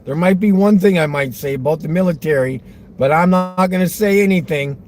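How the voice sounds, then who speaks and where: Talking fairly fast in a high-sitting, darkish voice, a Westchester County, New York man rambles provocatively in a car vlog, teasing and laughing often. Car noise and soft background music can be heard.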